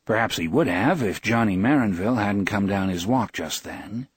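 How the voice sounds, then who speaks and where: A man narrating a novel as an audiobook, expressive and voicing the characters. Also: on the low side, moderate pace, husky, no room sound.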